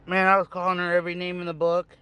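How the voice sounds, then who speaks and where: A man with a high, smooth voice chats in a relaxed way, mostly answering with short agreeing replies. His delivery stays easygoing and conversational throughout. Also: fast, no echo. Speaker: parent chatting with a friend. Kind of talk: casual chat.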